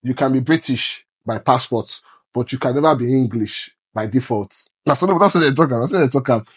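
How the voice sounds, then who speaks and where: A man's voice: medium pitch, brisk, slightly rough. A young man from Nigeria with a Nigerian accent, talking emphatically on a podcast and mixing Pidgin into his English. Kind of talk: casual podcast chat.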